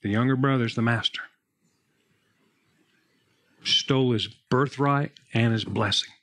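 His sermon unfolds a little slowly, with long pauses, in a medium-pitched voice. The pastor shares Bible stories and family anecdotes casually, growing animated and louder as he tells the anecdotes.

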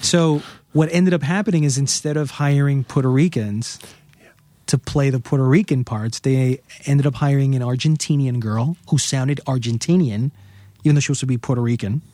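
A man talking as a guest film critic in a casual podcast chat, animated and quick to laugh. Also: medium pitch, no room sound.

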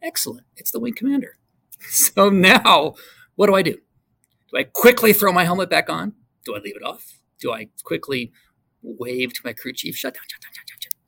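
A man's voice: sits high, animated, moderate pace, vocal fry, no echo. An older man, a retired fighter pilot from the United States, telling stories in an interview and acting out the other people's voices in them. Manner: acts out voices in his stories, swings between loud and hushed. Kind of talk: animated storytelling in an interview.

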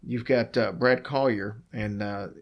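A man's voice: fairly low pitch, unhurried, muffled recording. Easygoing male podcast co-host. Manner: easygoing, rambling with fillers. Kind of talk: casual podcast chat.

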